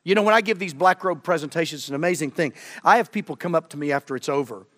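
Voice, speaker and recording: Fervent male preacher in a reverberant church. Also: quick pace. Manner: fervent, swings from loud emphasis to low earnest tones. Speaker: guest preacher. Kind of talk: sermon. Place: church sanctuary.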